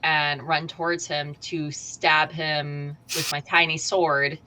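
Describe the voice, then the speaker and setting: A player in a tabletop game who speaks slowly and deliberately in casual game talk. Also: medium pitch, flat delivery, pushed and bright, low-quality recording.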